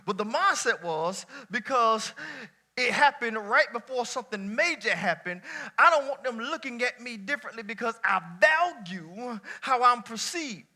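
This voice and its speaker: A man preaching a sermon to a church congregation, talking casually, shouting at some points and dropping low at others. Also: normal speed. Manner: lively colloquial preaching, swinging between shouts and near-quiet asides. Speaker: pastor.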